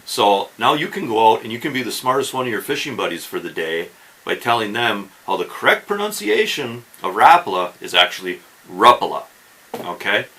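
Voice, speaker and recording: Male fishing host, low pitch, animated and forceful, casual how-to talk. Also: brisk, low-quality recording. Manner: chatty, keeps checking in with "okay?" and "right?". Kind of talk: casual instructional talk to camera.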